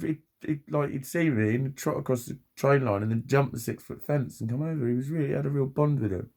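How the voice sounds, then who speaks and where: A man in his forties with a gravelly, creaky voice rambles through a personal vlog monologue. He swears freely, chats on in loose tangents and laughs at himself along the way, sitting at a mid pitch. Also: darkish tone. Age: 40s. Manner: sweary, chatty, self-mocking, laughs often. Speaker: vlogger.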